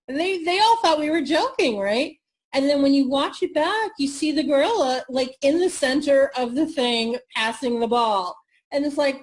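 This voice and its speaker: A woman with a fairly high voice talks as a guest coach in an interview. She speaks in an animated, emphatic way, acting out little examples as she goes. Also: a little slow. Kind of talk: interview conversation.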